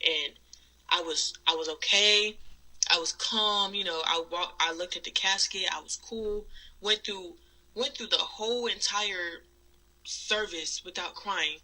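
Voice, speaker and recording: A woman's voice: on the low side, sharp tone, low-quality recording. A woman co-hosting a podcast, talking candidly in a rambling way with lots of fillers. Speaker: podcast co-host. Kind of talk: casual chat.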